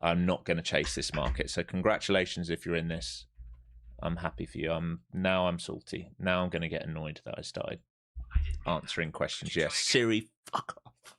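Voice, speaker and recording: A man doing live trading stream commentary, animated and swearing freely as he talks through the chart. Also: deep voice, moderate pace. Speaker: live-stream day trader.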